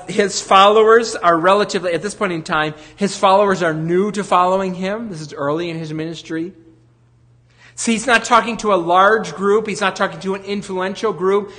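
A man preaching a sermon as pastor, stressing single words and slowing down for emphasis. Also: high-pitched, fairly bright tone. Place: church.

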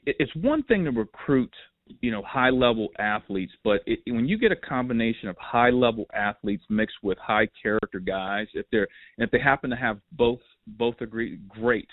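A man hosting a podcast, telling stories in a lively, animated, casual way. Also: medium pitch, dry recording. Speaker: podcast host. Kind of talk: casual storytelling chat. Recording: tinny phone line, dry.

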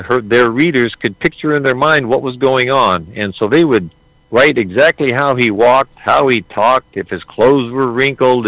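A man's voice: mid-range voice, a bit bright, dry recording, poor audio. A man being interviewed about playing a historical figure, answering earnestly with hesitant restarts. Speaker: actor portraying Lincoln, interview guest.

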